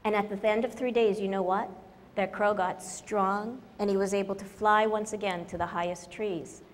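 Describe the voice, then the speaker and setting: A woman's voice: medium pitch, steady tone, moderate pace. Lady giving a funny talk, straight-talking, big echoey room. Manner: wry, direct and storytelling. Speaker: conference speaker. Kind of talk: humorous public talk.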